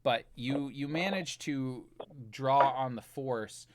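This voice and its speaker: A man's voice: mid-range voice, slow, heavy background noise. A man narrating a tabletop role-playing game as game master, talking in a loose, rambling way full of fillers.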